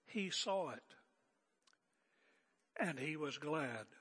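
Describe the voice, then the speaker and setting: A man's voice: a little high, expressive, very slow, a bit bright, slightly rough, long reverb tail. An older man preaching an expository sermon as pastor, conversational and emphatic with joking asides.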